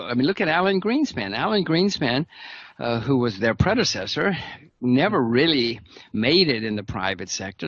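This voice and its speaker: A man's voice: medium pitch, fairly bright tone, dry recording. A man speaking as an interview guest, emphatic, restarting phrases and adding wry laughs. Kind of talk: interview conversation. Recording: dull dry lo-fi sound.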